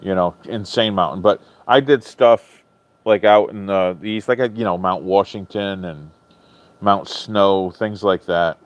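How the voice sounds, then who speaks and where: A man with a fairly low voice hosts a casual live stream, talking back to viewers' comments. He is chatty and animated, swears freely and laughs often. The audio is dull and lo-fi, with a dry sound. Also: unhurried, no room sound.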